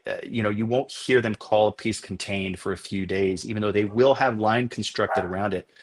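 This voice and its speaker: A man on a podcast interview, explaining things at length and telling animated stories from his filming work. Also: fairly low pitch, a little hiss or hum. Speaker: documentary filmmaker guest.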